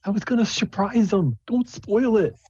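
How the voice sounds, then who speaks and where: A nervous, frustrated young halfling, as a man puts him on in a game-master voice, pushed up far higher than the speaker's own low voice. His words come out as a pleading whine. The recording is dull and lo-fi. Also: expressive, moderate pace, darkish tone, husky, dry recording.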